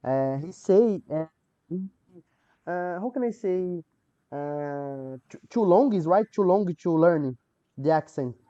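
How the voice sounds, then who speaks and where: A woman from Bulgaria speaking English haltingly as a learner, searching for words with many pauses and fillers. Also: fairly low pitch, lively intonation, warm tone, muffled recording. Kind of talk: casual chat.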